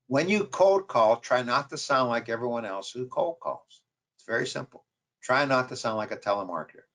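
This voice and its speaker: In a fairly bright, mid-range voice, a man with a New York accent lectures by webinar on sales calls. He's a marketing professor whose coaching style repeats the key points with emphasis.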